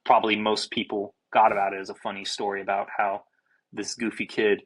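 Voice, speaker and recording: A young man, a baseball pitcher and podcast guest, telling a story in an animated, casual way, swearing freely and restarting his sentences. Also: a little fast, slightly rough, rough recording. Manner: animated, self-described fiery, swears freely, many restarts.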